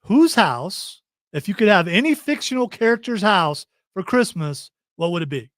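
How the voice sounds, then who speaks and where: A middle-aged man hosting a podcast, chatting playfully about pop culture and firing off quick teasing questions. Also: sits high, very animated, fairly bright tone, dry recording, studio quality. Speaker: podcast host. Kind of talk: casual pop-culture chat. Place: studio.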